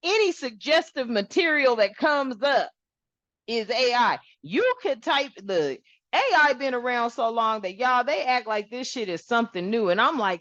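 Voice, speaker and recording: A woman hosting a spiritual channel, talking casually to her viewers in an animated, rambling way and swearing freely. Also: fairly high pitch, normal speed, no echo, lo-fi sound.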